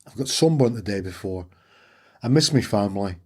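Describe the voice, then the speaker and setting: A man's voice: on the low side, a little fast. A man with a Yorkshire accent, a podcast guest telling his story and acting out the dialogue in it. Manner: animated storyteller who acts out dialogue. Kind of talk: personal storytelling interview.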